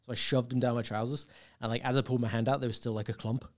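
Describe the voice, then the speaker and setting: Casting: young man, chatty guest, rambling anecdotes, laughs often, mid-pitched. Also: flat delivery, racing, darkish tone. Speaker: podcast guest. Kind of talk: casual chat, storytelling.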